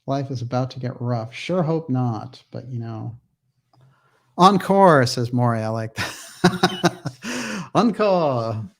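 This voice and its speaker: A man's voice: mid-range voice, flat delivery, normal speed, vocal fry, few pauses, darkish tone. A man hosting a livestream, upbeat as he reads out viewer names and comments and answers questions in casual chat. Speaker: livestream host.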